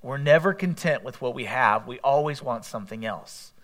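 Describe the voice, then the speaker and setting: A man's voice: medium pitch, animated, normal speed, fairly bright tone. A man preaching a sermon in a conversational way, asking his listeners questions and acting out quotes as he reads the scripture aloud. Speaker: pastor.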